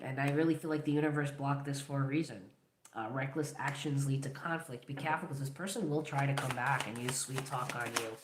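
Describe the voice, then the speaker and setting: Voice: mid-range voice, slight background noise. Encouraging tarot reader in an echoey room. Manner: encouraging, affirming, talks straight to the viewer. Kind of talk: collective tarot reading.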